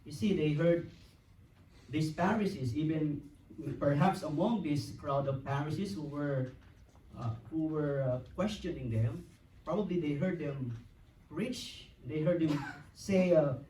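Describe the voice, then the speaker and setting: A man preaching a sermon as pastor, emphatic, with long dramatic pauses. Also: a little high, warm tone, slight background noise. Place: church sanctuary. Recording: echoey church hall from far off.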